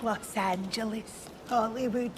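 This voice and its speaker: A woman's voice: fairly high pitch, steady tone, a little slow, noisy background, natural voice. An actress playing a gossipy older Scottish woman in a sitcom clip.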